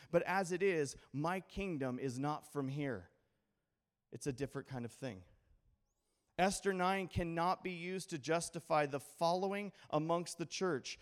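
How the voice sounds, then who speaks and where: A man from Idaho preaching a sermon, asking the congregation questions and mixing in casual humor. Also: sits high. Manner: conversational preaching with call-and-response questions and humor. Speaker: pastor.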